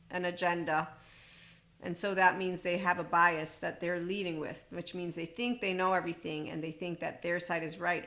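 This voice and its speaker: A woman's voice: fairly low pitch, sharp tone. A woman hosting a spiritual self-help podcast, talking bluntly in a rambling, self-amused way. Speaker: podcast host.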